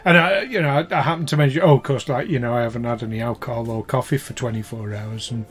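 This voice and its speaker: A British man and working actor swaps stories with his mates, animated and loose, the odd swear slipped in. His voice sits mid-range for a man. Faint music plays behind. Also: medium pitch, fast. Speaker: player, actor. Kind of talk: casual banter.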